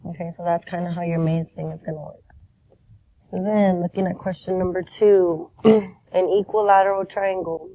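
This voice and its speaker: A woman's voice: lowish voice, warm tone, dull audio, a little hiss or hum. A woman with a sick voice teaching a math lesson, walking through problems patiently and checking in with "right?" often. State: sick, rough voice. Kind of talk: recorded math lesson walkthrough.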